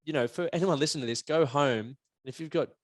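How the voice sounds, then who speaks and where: A man's voice: fairly high pitch, fast talker, dry recording, studio quality. A man hosting a casual podcast chat, a coach who talks frankly and swears freely. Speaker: podcast host, men's performance coach.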